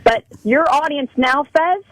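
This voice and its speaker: A woman's voice: high voice, unhurried, dry recording, rough recording. A woman calling in to a radio talk show, pleading and scolding with passion. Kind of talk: heated call-in confrontation.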